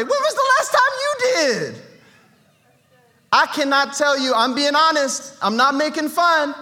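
A man preaching a sermon in a church, fervent and shouting at times, acting out what people say. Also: very high voice, sing-song, measured pace. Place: church sanctuary.

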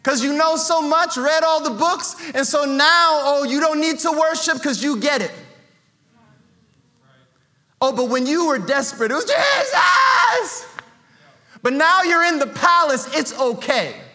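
Man, preacher, fervent sermon in church, bright forceful voice. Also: very high voice, moderate pace. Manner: fervent, shouting at times, acts out quotes. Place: church sanctuary.

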